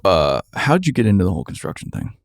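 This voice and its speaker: A man's voice: sits low, wildly swooping pitch, quick pace, dry recording, clean studio sound. A man hosting a podcast, talking in a blunt, candid way and swearing casually. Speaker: podcast host.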